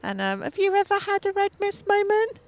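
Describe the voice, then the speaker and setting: A middle-aged woman co-hosting a studio chat show, telling stories in a lively way and laughing often. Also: very high-pitched, fairly quick. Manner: lively storyteller, laughs often, acts out voices. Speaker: TV show co-host and fitness business owner. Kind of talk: chatty anecdote on a studio show.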